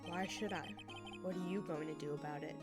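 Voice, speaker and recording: A woman voicing a stiff, haughty young male prosecutor, speaking in a low, smooth, dramatic voice. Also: fairly even intonation, fairly quick, over loud music, close to an everyday voice. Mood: haughty, bitter.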